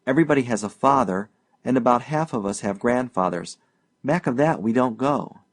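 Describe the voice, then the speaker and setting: A man voicing an eager, boastful young northern man in an audiobook, loud, pushy and emphatic. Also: medium pitch, animated, normal speed, close to an everyday voice.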